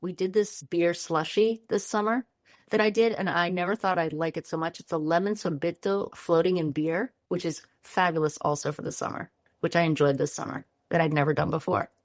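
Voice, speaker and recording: A woman in her fifties talks as a chef guest, bubbly and descriptive as she dwells on food. Her voice is a bit low for a woman and sounds close and dry. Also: fairly even intonation, a little fast, no echo. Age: 50s. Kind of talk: casual interview chat.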